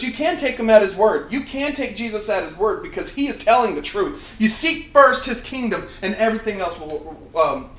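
A man's voice: high voice, a bit bright. A young man preaching a casual sermon to a campus ministry, often restarting and correcting himself. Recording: echoey room with faint ambience.

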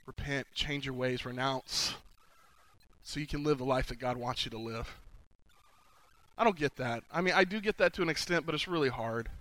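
A man's voice: medium pitch, sharp tone. A man giving a humorous sermon at a conference, telling stories with animation and acting out the voices he quotes. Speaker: conference speaker. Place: conference session.

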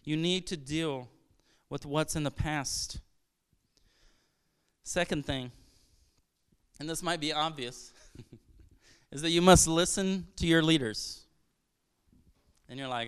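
A man from Brazil preaching to his congregation in a high, very clear voice. He talks earnestly and conversationally, restarting phrases and tossing out rhetorical questions. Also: slow pace, long pauses. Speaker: pastor. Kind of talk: sermon.

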